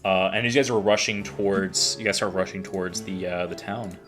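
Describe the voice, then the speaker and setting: A man running a tabletop game, narrating loosely with lots of fillers. His voice is fairly low but bright and forceful, with faint music underneath. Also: fairly even intonation, brisk. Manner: casual, rambling with many fillers. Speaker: game master.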